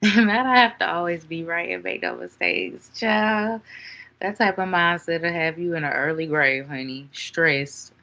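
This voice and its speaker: A woman's voice: lowish voice, normal speed, hardly any pauses, pushed and bright. A woman reading tarot cards for viewers in a chatty, playful way, laughing often and calling viewers honey and baby. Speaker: tarot reader.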